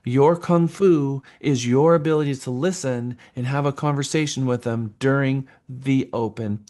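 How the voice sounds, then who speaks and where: A man teaching a real estate sales class in an animated lecture style. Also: mid-range voice, moderate pace. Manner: lively, acts out buyers' voices.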